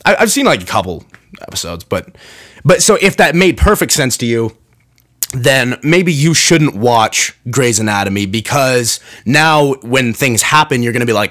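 A young man talks on his own podcast in a loose, rambling way. He keeps stopping and restarting his sentences. His pitch stays mid-range but swings a lot as he gets worked up. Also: moderate pace. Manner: rambling, self-interrupting, animated. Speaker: podcast host. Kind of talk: casual solo podcast rant.

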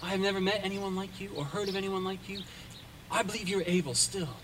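A man's voice: sits high, fairly even intonation, quick pace, background noise, close to an everyday voice. A man voicing a humble, desperate male leper who pleads earnestly for help.

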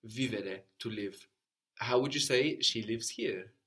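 A man's voice: mid-range voice, slow pace, fairly bright tone. Patient male language teacher. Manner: patient, encouraging, spells words out. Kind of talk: guided language lesson.

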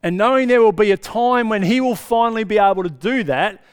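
A man's voice: high-pitched, brisk, clean tone, big-room sound. A man preaching a sermon in a conversational way, checking in with the congregation. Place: church hall.

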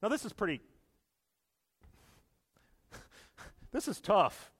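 A male pastor preaching a sermon in earnest, swinging from hushed to loud and emphatic, stumbling and repeating words with small laughs. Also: high voice, big pitch swings, very slow, breathy edge. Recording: echoey hall with long reverb.

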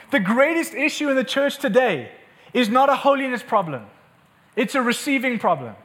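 A man's voice: very high-pitched, big pitch swings, moderate pace, fairly bright tone. A male pastor preaching an impassioned, emphatic sermon in a church meeting room, repeating words for force.

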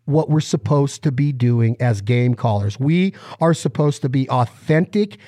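A man co-hosting a podcast, giving an animated, joking explanation of how to blow a duck call, talking from his car. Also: mid-range voice, a little slow, dry recording. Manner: animated, demonstrative, jokey. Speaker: podcast co-host and duck caller. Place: driving in a car.

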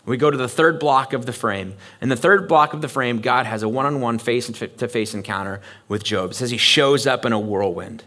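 A man preaching a sermon in a conversational, animated way, acting out the voices he quotes. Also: medium pitch, brisk, few pauses. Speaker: pastor. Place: church.

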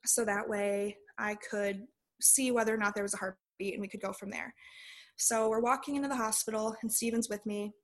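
A young adult woman talks through a personal story as a guest on a podcast. Her voice sits at an ordinary height and stays flat, with little rise or fall. She speaks casually and leans on "like" as a filler. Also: mid-range voice, moderate pace.

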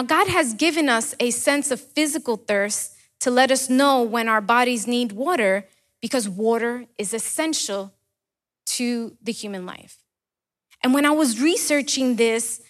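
A woman with a somewhat high voice preaches a sermon. She asks the listener rhetorical questions and leans on repetition to stress her points. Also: a bit bright.

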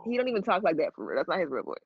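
A woman's voice: on the low side, very animated, racing, husky, no room sound. A woman hosting a casual podcast chat, talking in a chatty, rambling way and laughing often. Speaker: podcast host. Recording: dry, slightly dull lo-fi sound.

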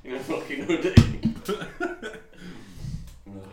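A man's voice: medium pitch, animated, slow pace, far from the mic, over loud music. A young man in casual banter as a podcast co-host, teasing, swearing freely and laughing a lot. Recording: very echoey and off-mic with crowd noise.

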